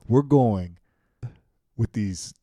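Low, dark-voiced man telling a wild story. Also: drawn-out words, no room sound, highs cut off. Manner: swearing, animated anecdote telling. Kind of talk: casual chat.

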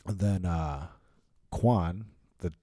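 Low, dark-voiced man telling a wild story. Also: drawn-out words, no echo, studio quality. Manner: swearing, animated anecdote telling. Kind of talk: casual chat.

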